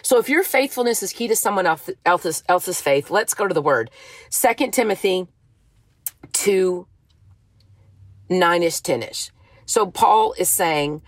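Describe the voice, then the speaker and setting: A woman's voice: on the low side, expressive, measured pace, pauses often, no echo. A woman giving an earnest, emotional devotional talk, reading scripture and urging her listeners on. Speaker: faith speaker.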